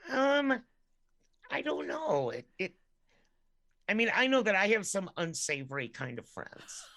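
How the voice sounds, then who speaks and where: A woman's voice: medium pitch, very animated, measured pace, creaky, a bit bright, no echo. A woman co-hosting a podcast in casual chat, easygoing and giggly, often trailing off mid-thought. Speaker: podcast co-host.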